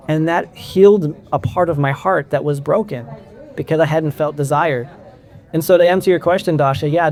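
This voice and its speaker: A man's voice: on the high side, a little mellow. Candid middle-aged man telling his story. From California. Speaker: convention speaker. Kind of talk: personal talk to an audience.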